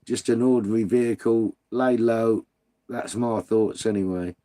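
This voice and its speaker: A man's voice: fairly low pitch, steady tone, moderate pace, dark tone. A British man hosting a live stream, chatting casually with viewers and reading out their comments in a blunt, sweary, ranting way.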